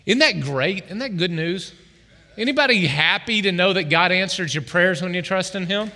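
A man preaching a sermon as pastor, with a voice worn hoarse, joking and calling on the congregation to respond. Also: high voice, animated, normal speed, pushed and bright, slight background noise. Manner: jokey, urges the congregation to respond. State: losing his voice. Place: church hall. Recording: long hall reverb.

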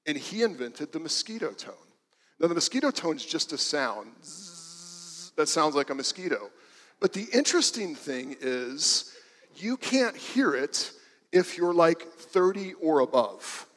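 A man's voice: a little high, sing-song, measured pace, fairly bright tone, big-room sound. A man preaching a sermon in a church, telling stories in a casual, conversational way with frequent restarts. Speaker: pastor. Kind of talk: sermon storytelling.

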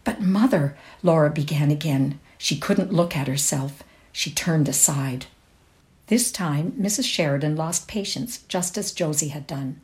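A woman reading a classic short story aloud in a measured, expressive way. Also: deep voice. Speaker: reader.

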